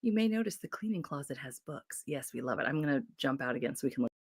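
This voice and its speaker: A woman's voice: a bass voice, expressive, fast talker, a little mellow, husky. A woman hosting a casual livestream from home, bubbly and chatty, laughing often as she reads out viewer comments. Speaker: livestream host.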